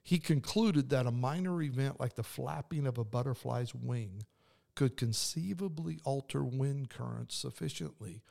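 Earnest and conversational, this preacher hosts a faith podcast of devotional talk, often restarting as he goes. He has a medium-pitched, mellow voice with vocal fry.

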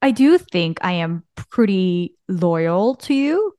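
A woman's voice: lowish voice, sing-song, slow pace, no echo, studio quality. A woman co-hosting a church podcast, chatting casually and laughing often. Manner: warm-hearted, laughs often. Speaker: podcast co-host, church staff. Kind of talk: casual chat.

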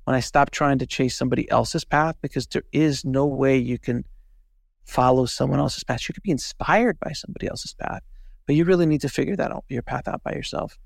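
Gravelly man, animated storyteller. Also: medium pitch, a little fast, no room sound, clean studio sound. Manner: animated storytelling, acting out quoted voices. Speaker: podcast host and filmmaker, guest. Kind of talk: casual interview talk.

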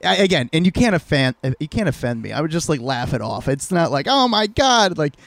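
A man co-hosting a podcast, telling stories in an animated, teasing way. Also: a little high, quick pace, vocal fry, no echo. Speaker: podcast co-host. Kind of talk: casual chat.

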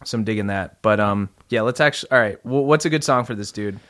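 A man's voice: on the low side, quick pace, fairly bright tone. A man guesting on a casual comedy podcast, chatty, giggly and enthusiastic.

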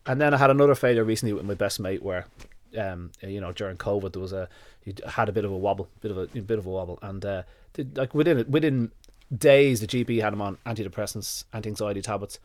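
A man with a lowish voice speaks fast as a dog nutrition expert being interviewed on a podcast, with no room sound. He tells a story full of quoted back-and-forth, retelling events in dialogue and swearing freely and casually.

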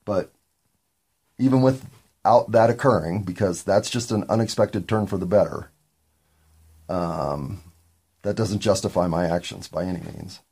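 A man with a gravelly voice hosting a podcast, talking in a candid, meandering solo monologue with occasional swearing. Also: deep voice, unhurried, pauses often, darkish tone. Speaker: podcast host.

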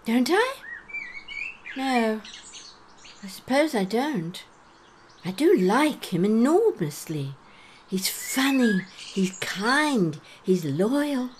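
An actress playing a young woman out for coffee with her grandmother, teasing and brisk. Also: on the high side, very animated, slight background noise, exaggerated voice. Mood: reflective. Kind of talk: audio drama acting.

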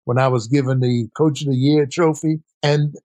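Older man telling lively stories, dry sound. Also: mid-range voice, normal speed, dry recording. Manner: animated, acts out quoted voices. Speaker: guest, former basketball player and coach. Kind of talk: storytelling interview answer.

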